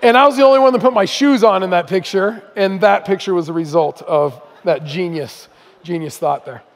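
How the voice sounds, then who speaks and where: A man's voice: high voice, fairly quick. A middle-aged man from Southern California, a missionary guest speaker telling his story in a conversational, humorous sermon. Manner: conversational, humorous, self-deprecating. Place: church auditorium. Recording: long hall reverb.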